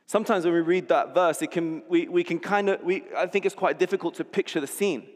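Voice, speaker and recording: A man's voice: high-pitched, fairly quick. A man preaching a sermon, telling a scene vividly and often restarting words as he goes. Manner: vivid storytelling, repeats words when restarting. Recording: long hall reverb.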